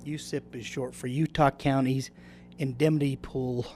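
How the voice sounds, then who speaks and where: A man's voice: medium pitch, fairly even intonation, a little slow, darkish tone, slight background noise. A man, the county clerk-auditor, presenting items at a public meeting in a plain, matter-of-fact way.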